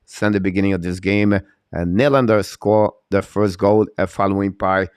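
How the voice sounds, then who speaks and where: A man with a low voice calls a hockey game live for his stream, narrating each pass and battle in broken non-native English full of "uh" fillers. His pitch jumps high and loud when a shot comes. The sound is dry and close, with no room around it. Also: moderate pace, smooth, no echo. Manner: jumps to high, loud excitement on scoring chances. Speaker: play-by-play host.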